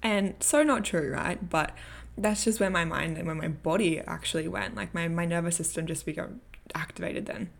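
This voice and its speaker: A woman's voice: fairly low pitch, moderate pace, gravelly. A young woman vlogger telling a story and giving coaching tips in a candid, casual way, swearing freely and laughing often. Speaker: personal growth vlogger.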